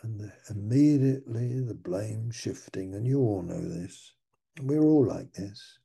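A male preacher delivers a sermon in a very dark, husky voice. He speaks slowly, stumbling and repeating words as he works his way toward each point. A gravelly fry runs under his lower phrases. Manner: halting, repeats words while searching for them.

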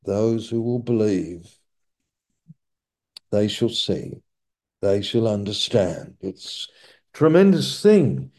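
A man preaching a sermon, speaking slowly and emphatically and repeating key phrases for weight. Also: lowish voice, lively intonation, darkish tone.

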